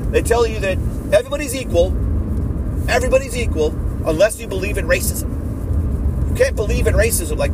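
A podcast host delivering a profane, sneering rant in an angry monologue. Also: male voice, high voice. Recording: distant mic with loud traffic noise.

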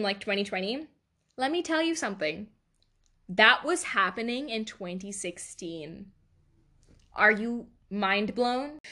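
A young female podcast host with a mid-range, fairly bright voice rambles through confessional stories in a casual chat, laughing a lot as she goes.

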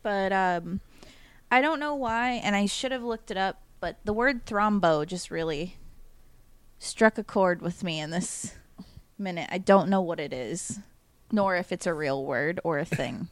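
A woman's voice: on the low side, measured pace, no room sound. A woman co-hosting a podcast, talking casually and rambling, with lots of "like" fillers. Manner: rambling, heavy use of "like". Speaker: podcast co-host. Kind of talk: casual chat.

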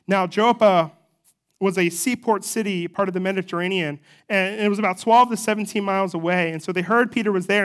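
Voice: mid-range voice, fairly quick, a bit bright. A pastor preaching a sermon, retelling a scripture story in an easygoing, conversational way with personal asides.

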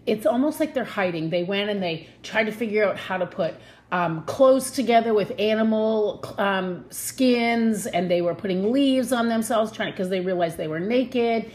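A woman giving a casual devotional Bible talk from her home, earnest and chatty, slowing down to stress her points. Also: medium pitch, a little mellow. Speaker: Bible teacher.

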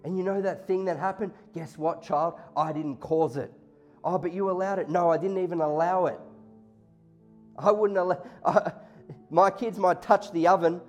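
Impassioned preacher, man, slightly high voice, soft music under him. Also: fairly even intonation, normal speed. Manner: impassioned, voicing God and listeners in quotes. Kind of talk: sermon. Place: church hall before a congregation. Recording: faint music behind.

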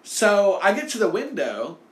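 In a slightly high voice at a normal speed, a man rambles through a casual personal anecdote. He tells it animatedly, peppering it with "like" and "you know".

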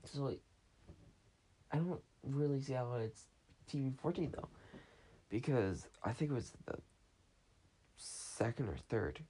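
Mellow-voiced man rambling through a story. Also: mid-range voice, lively intonation, a little slow, pauses often, slightly rough. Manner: meandering, full of restarts and acted quotes. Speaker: podcast host. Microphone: phone.

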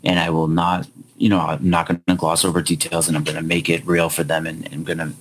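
A man's voice: sits low, monotone, fairly quick, a little hiss or hum, poor audio. A man who teaches history, speaking as a podcast guest in an earnest, emphatic way. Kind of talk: casual podcast discussion.

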